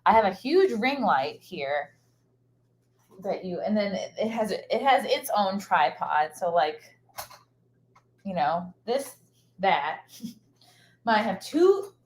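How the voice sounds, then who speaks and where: In a mid-range voice with big pitch swings, a woman comedian takes her time and pauses often while chatting casually on a hotel-room live stream. Her talk is rambling, scatterbrained and heavy with fillers, and her streaming mic picks up slight background noise.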